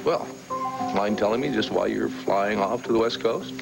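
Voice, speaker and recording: A man's voice: lowish voice, moderate pace, gravelly, loud music behind the voice, rough recording. An actor playing a playful, joking young man in a 1980s TV soap opera. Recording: hissy old TV broadcast recording.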